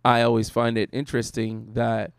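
A man, a pastor, talking through faith in a casual discussion, animated and storytelling, with bursts of acted-out voices. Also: medium pitch, normal speed, gravelly, clean tone, dry recording, studio quality.

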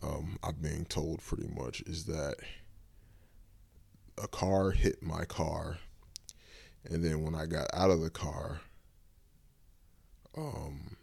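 A man's voice: very deep voice, steady tone, slow, vocal fry, long pauses, a little mellow, husky, no room sound. A man hosting his own podcast, casually retelling a personal story in a loose, rambling way with lots of fillers. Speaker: podcast host.

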